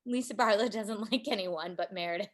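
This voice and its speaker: A woman's voice: mid-range voice, a little fast. A woman co-hosting a casual podcast recap, laughing often and acting out quotes. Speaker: podcast co-host.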